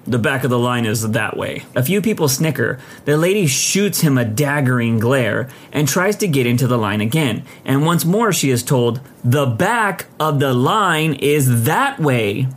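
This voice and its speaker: A man narrating a Reddit story aloud in an expressive reading style. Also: mid-range voice.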